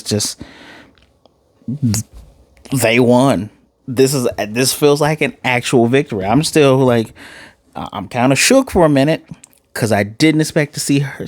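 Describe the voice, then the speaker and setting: A man giving a casual, animated recap and reaction to an anime episode, acting out the characters' lines in quick asides. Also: medium pitch, no room sound. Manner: loose and chatty, with fillers and self-corrections. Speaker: anime reviewer.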